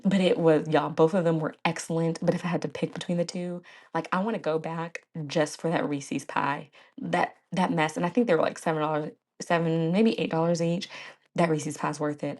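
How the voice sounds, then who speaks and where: A woman's voice: deep voice, fairly even intonation, a little fast, a little mellow. A woman in her thirties hosting a podcast in a casual, chatty way, often laughing and calling her listeners "y'all". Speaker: podcast host. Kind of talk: casual chat.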